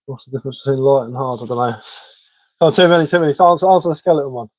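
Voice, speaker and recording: Streamer, casual joke-teller, mid-pitched, dry close sound, chuckles at own gags. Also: male voice, very fast, a little mellow, no echo. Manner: chuckles at his own dad jokes. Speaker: bushcraft live-streamer. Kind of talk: casual live-stream chat telling jokes. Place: living room at home.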